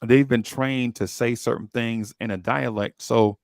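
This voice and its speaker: A man's voice: mid-range voice, steady tone, unhurried, gravelly, no room sound, clean studio sound. A young man co-hosting a casual podcast chat, rambling and repeating words as he thinks. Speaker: podcast co-host.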